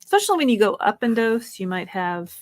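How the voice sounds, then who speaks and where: A woman's voice: on the high side, sing-song, a little fast, no room sound. A middle-aged woman co-hosting a live stream, chatting casually, laughing often and giving practical advice. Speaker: co-host of a weight-loss livestream.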